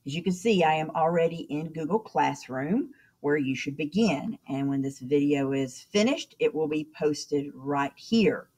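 A woman's voice: low voice, expressive, a little slow, few pauses, darkish tone. A woman teacher talking students through the week's online assignments in a chatty way, often checking in with "okay?". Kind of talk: screen-recorded class instructions.

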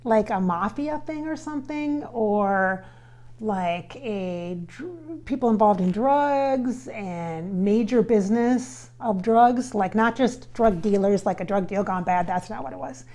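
A woman working as a spiritual medium holds a casual channeling session, relaying a spirit's words as quotes and calling her viewers "you guys." Her mid-range, slightly mellow voice stays at a measured pace, earnest and casual, repeating phrases for emphasis.

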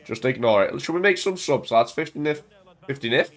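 A young man casually commentating on his own football video game at home into a desk mic, full of banter and bursting into shouts when his team scores. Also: medium pitch, a little fast. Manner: excitable, banter-filled, shouts at goals. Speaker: gaming YouTuber.

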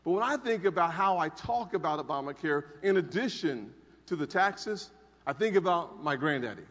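A man's voice: fairly high pitch, animated, normal speed, a bit bright. A man in his forties giving an emphatic conference speech, telling a personal story and repeating key lines from a podium microphone. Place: large conference hall. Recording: dull audio with long hall reverb.

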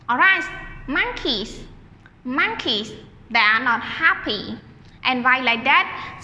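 Woman, kindergarten teacher, slow repetition for kids, echoey classroom, reverb. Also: high-pitched, sharp tone. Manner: slow, drawn-out repetition for children. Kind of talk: online classroom lesson.

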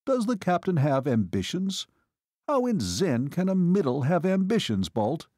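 An idle, supercilious staff officer, as a man reads him aloud, speaking with a pitch lifted above the reader's own. The inflection is lively, and the recording is close and dry. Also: measured pace, no room sound.

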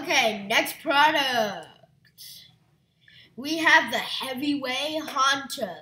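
A woman hosting a casual stream about retro toys, giggly and animated, who keeps slipping into silly voices. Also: sits high, slow, long pauses, reverberant. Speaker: host reviewing retro toys. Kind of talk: casual livestream chat.

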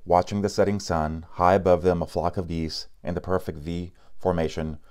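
A man with a low voice reads a picture book aloud. His pace is steady and unhurried, with a few slips and restarts along the way. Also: clear, resonant tone. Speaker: narrator.

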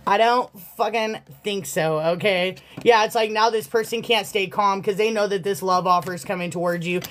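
A tarot reader talking straight to the viewer in a blunt, sassy way, swearing freely. The delivery is loose and conversational, at a middle pitch. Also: steady tone, a little fast, a bit bright. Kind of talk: casual tarot reading monologue.

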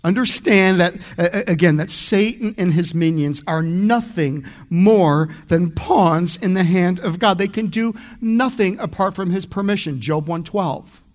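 A man's voice: high voice, a little slow, few pauses. Male pastor with a slightly raised voice, conversational but punchy verse-by-verse preaching. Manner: emphatic, conversational, addresses the congregation directly. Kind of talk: expository sermon.

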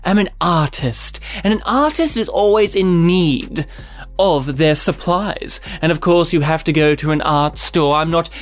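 A woman's voice: sits low, measured pace. An Australian woman telling a comic story in a rambling, digressive, mock-earnest way.

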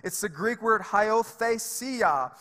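A man's voice: high-pitched, expressive, takes it slowly, bright, forceful tone. A male pastor preaching a sermon in a church, emphatic and conversational, with fillers and repeated words. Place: church sanctuary. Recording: reverberant church hall.

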